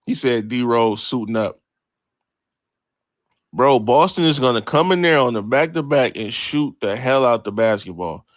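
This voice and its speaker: Medium-pitched and moderately paced, with no echo, this man runs a late-night sports livestream. His talk is brash, animated, and profane as he reads his live chat, answers it, and swears without restraint.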